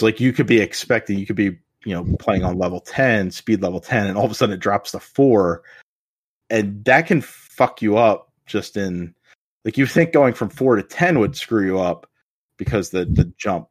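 A man's voice: fairly low pitch, slightly rough, no echo. A man in a casual chat about video games, explaining at length with many fillers and restarts.

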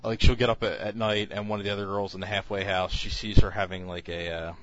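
A man's voice: on the low side, flat delivery, quick pace, lo-fi sound. A man co-hosting a casual podcast chat, reviewing films in a rambling way with many fillers and restarts.

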